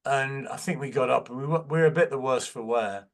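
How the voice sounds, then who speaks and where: A man's voice: medium pitch, a little fast. Older English male guest, Manchester accent, casual anecdotal storyteller. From England. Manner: anecdotal, acts out quotes. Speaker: guest musician. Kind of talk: casual interview chat.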